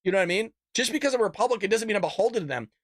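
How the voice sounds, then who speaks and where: Rapid-fire and animated, a man hosting a political commentary livestream unloads a heated rant laced with profanity and mocking impressions that swing loud and high. The audio is studio quality with no echo.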